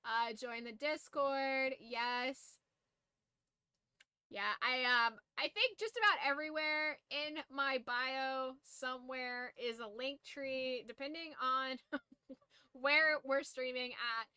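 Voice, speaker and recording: Woman, streamer, tired, rambling casual chat, bright clear voice, dry close sound. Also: high voice, fairly even intonation, slow pace, no room sound. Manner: loose, rambling, swears casually.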